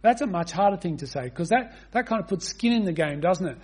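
A preacher delivers an expository sermon with earnest conviction, reading scripture at length and repeatedly putting rhetorical questions to the congregation. His high, husky voice has a darkish tone, and he speaks in an animated, brisk way.

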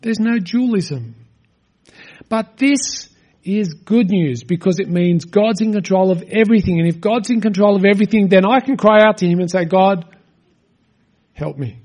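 High-voiced man preaching an earnest sermon. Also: darkish tone. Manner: earnest, conversational preaching with rhetorical questions. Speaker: pastor.

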